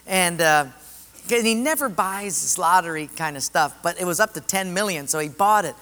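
A man's voice: high voice, normal speed. A man preaching a sermon and telling stories, acting out the voices of the people in them. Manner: animated, acts out voices in stories. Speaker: pastor. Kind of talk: sermon with storytelling. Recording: long reverb of a hall.

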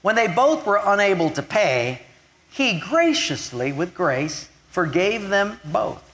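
A man preaching a sermon, retelling a scripture story and swinging between loud emphasis and hushed lines. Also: sits high, sing-song, takes it slowly. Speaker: pastor.

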